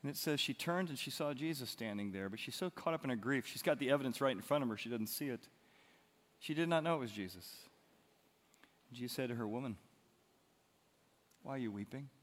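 A man preaching a sermon as pastor, telling the story dramatically with big swings in loudness. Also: mid-range voice, animated, fast, big-room sound. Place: church hall.

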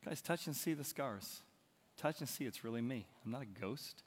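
A man voicing a calm, gentle Jesus, soft and reassuring. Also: on the high side, measured pace, vocal fry, in a large hall, voice pushed up, exaggerated voice.

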